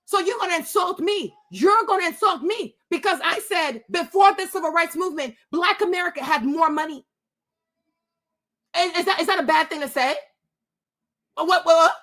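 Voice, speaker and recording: A woman's voice: very high-pitched, normal speed, fairly bright tone. A woman hosting a livestream, ranting indignantly, swearing and repeating rhetorical questions, speaking to her webcam. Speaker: livestream host. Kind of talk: heated livestream rant.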